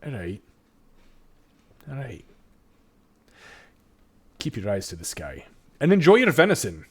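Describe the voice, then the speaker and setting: A man's voice: mid-range voice, wildly swooping pitch, measured pace, husky, full character voice. A man voicing a friendly, chatty male dwarf trader, speaking earnestly with frequent hesitations. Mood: warm farewell.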